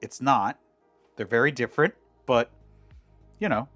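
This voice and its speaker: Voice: medium pitch, expressive, unhurried, a bit bright. A cooking streamer chatting casually while making a dish, rambling with many fillers and restarts. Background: faint background music.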